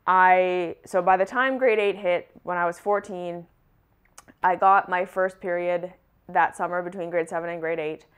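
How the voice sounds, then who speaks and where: A woman's voice: fairly low pitch, steady tone, moderate pace, smooth. A young adult woman telling her personal story to camera in a candid, conversational way, full of casual fillers. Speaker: wellness vlogger.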